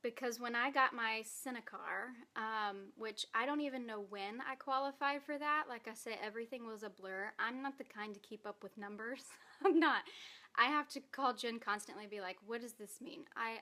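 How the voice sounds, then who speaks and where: A woman's voice: a little high, normal speed, bright, forceful tone. A woman giving an earnest, emotional personal testimony in a vlog, reading from her own post while holding back tears. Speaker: direct sales distributor.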